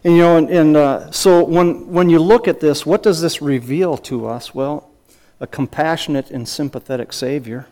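This pastor, a middle-aged man, has a fairly high voice with a darkish tone and a moderate pace. His sermon is earnest, built on questions to the listener and quoted scripture, broken by frequent restarts and little chuckles.

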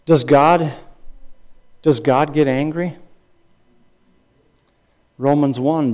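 A man's voice: medium pitch, slow pace, long pauses, a little mellow. A man preaching a sermon as a pastor and counselor, emphatic, with repeated phrases and rhetorical questions.

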